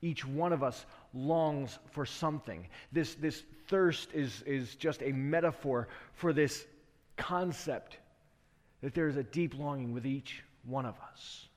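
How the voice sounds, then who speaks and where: A man's voice: mid-range voice, measured pace, in a large hall. A male preacher delivering an earnest sermon that tells a story and asks rhetorical questions, in a church.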